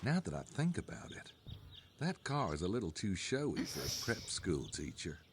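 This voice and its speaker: A man's voice: low-pitched, wildly swooping pitch, normal speed, slight background noise, heavily acted. A man voicing a sardonic, dogged private investigator in a video game, with an easygoing drawl. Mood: wry.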